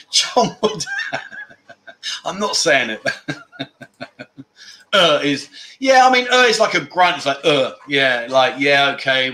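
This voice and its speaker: A man's voice: mid-range voice, bright, forceful tone. A man hosting a casual livestream, reading viewer comments aloud and joking with the chat, laughing often. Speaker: livestream host. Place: room at home with aircon.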